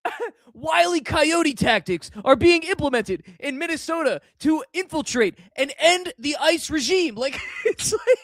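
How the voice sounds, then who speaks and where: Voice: high-pitched, animated, measured pace, a bit bright, no echo, clean studio sound. A streamer giving casual reaction commentary on posts, reading them aloud, saying dude and man, and breaking into laughter again and again. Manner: slangy and loose, says dude and man.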